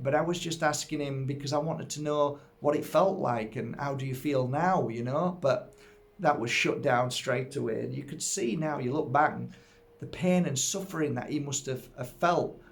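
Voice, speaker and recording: Middle-aged Yorkshire man, healer, heartfelt and reflective, mid pitch. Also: moderate pace, gravelly. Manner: earnest, heartfelt, musing. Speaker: energy healer and spiritual teacher. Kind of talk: reflective personal talk to viewers.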